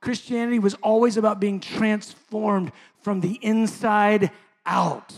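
A middle-aged man preaching a sermon as pastor, impassioned and then soft and intimate by turns. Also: high voice, fairly even intonation, measured pace, gravelly.

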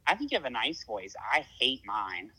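A man's voice: mid-range voice, big pitch swings, moderate pace, bright, forceful tone, husky, low-quality recording. A man with a Southern US accent hosting a casual podcast chat, chatty and self-deprecating. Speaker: podcast host.

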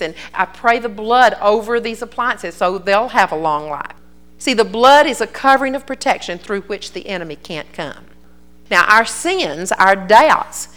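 A woman's voice: on the high side, a bit bright. An older woman delivers a sermon in a folksy, conversational way. She tells her stories with earnest conviction. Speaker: preacher.

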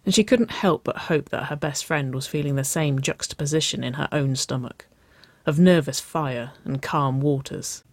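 An audiobook narrator reading a romance story in an even, unhurried way. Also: medium pitch, no echo. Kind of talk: scripted narration.

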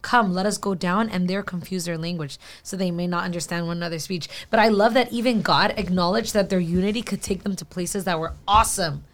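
A woman's voice: lowish voice, a little fast, hardly any pauses. A woman in a casual faith discussion who reads a scripture passage aloud and enthusiastically shares her thoughts on it.

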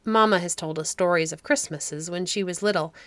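A woman's voice: lowish voice, brisk, fairly bright tone, no echo, natural voice. A woman reading a storybook aloud, voicing a discontented, spoiled little girl with a sighing, wistful complaint. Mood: plaintive. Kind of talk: audiobook reading.

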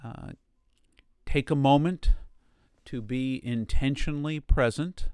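Male meditation guide, unhurried, gentle, smooth and resonant, dry recording. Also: mid-range voice, no room sound. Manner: slow, gentle, with long pauses.

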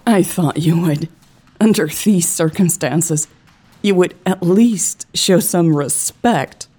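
A woman's voice: fairly low pitch, slow, warm tone, breathy edge. A woman reading the lines of a grieving, hostile woman in an audiobook, sneering and confrontational. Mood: bitter, accusing.

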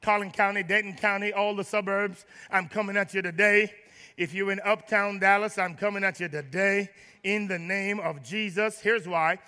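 High, bright-voiced preaching man. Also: fairly even intonation, moderate pace, clean tone, big-room sound. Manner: preaching to a congregation with humor, rising to shouts. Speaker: pastor. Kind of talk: sermon. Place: large church.

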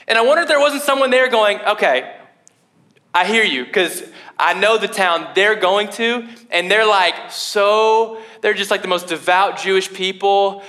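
A young male pastor delivers a sermon in a loose, conversational style. His voice sits high and sounds bright and bold. He talks in an animated way and peppers his speech with fillers. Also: moderate pace. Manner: casual, animated preaching with many fillers.

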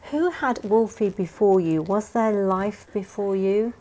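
A woman's voice: medium pitch, unhurried, mellow, a little hiss or hum. A woman co-hosting a podcast, speaking earnestly in casual conversation and laughing readily. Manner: earnest, opinionated about dog welfare, laughs readily. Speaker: podcast host. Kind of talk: casual chat.

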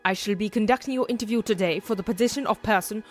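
A woman's voice: mid-range voice, quick pace, faint music behind, lightly acted. A woman playing a stern female Nazi job interviewer in a comedy sketch, with a put-on German accent and a clipped, officious manner. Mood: haughty, officious.

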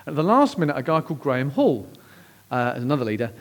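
A man preaching a sermon, telling a personal story with lively swings between hushed, slow moments and excited outbursts. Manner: animated, acts out quoted voices with big pitch jumps; drops to hushed, slow tones at emotional moments. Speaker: pastor.

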